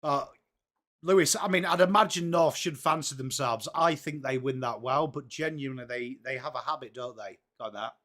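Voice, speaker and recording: Hosting a football watchalong livestream, this English man chats in a relaxed way and gives upbeat shout-outs to viewers by name. His voice is medium in pitch and fairly bright, delivered at a moderate pace.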